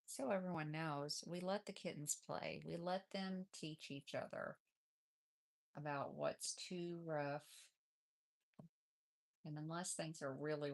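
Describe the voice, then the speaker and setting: Slow, gravelly-voiced woman chatting with cats. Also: low-pitched. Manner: chatty, coos to her cats in baby talk. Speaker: crochet live-stream host. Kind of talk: relaxed live-stream chat. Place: home craft corner with cats.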